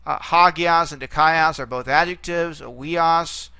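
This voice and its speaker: A man's voice: a little high, slow, bright, forceful tone, clean tone. A middle-aged man lecturing on Greek grammar, explaining step by step and checking in with "okay?" again and again. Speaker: Greek teacher. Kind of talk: recorded classroom lecture.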